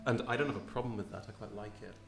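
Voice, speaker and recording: A man's voice: lowish voice, very fast, vocal fry, echoey room. A British man, the dungeon master, hosting a loose, chatty live question-and-answer session on stage in a small theatre. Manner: chatty, loose, laughing often.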